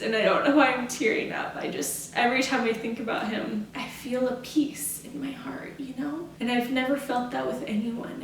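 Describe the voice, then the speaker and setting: A woman's voice: on the high side, far from the mic. A young woman telling a casual, earnest story on her vlog, chatty and full of "like" and "you know". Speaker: vlogger. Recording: echoey room, voice off-mic, faint hiss.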